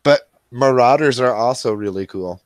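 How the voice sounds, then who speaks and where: A young man co-hosting a podcast, deadpan and contrarian, swearing freely in crude banter. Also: medium pitch, moderate pace, dry recording, clean studio sound. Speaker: podcast co-host.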